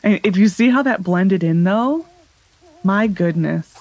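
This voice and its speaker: A woman hosting a let's play, chatting casually and thinking aloud as she corrects herself, recorded on a desk microphone set a little loud. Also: mid-range voice, a little slow. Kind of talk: casual gameplay commentary.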